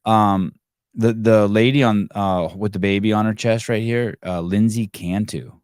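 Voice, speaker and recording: Low-voiced middle-aged guy hosting a podcast, rambly and sweary, dry close mic. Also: fairly even intonation, measured pace, darkish tone, smooth, no echo. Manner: rambling, swears freely when frustrated. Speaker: podcast host. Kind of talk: casual live show monologue.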